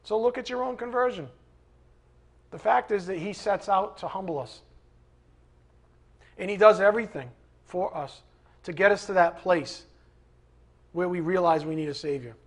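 A man with a high, husky voice preaches a sermon. He talks in a loose, conversational way, with asides and quick questions to his listeners. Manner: conversational, animated preaching with asides and acted quotes. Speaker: pastor.

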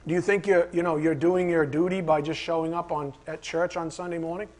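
A pastor preaching a sermon, mixing Scripture with animated personal stories and rhetorical questions. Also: male voice, fairly high pitch, brisk. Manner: animated storytelling with acted asides and rhetorical questions.

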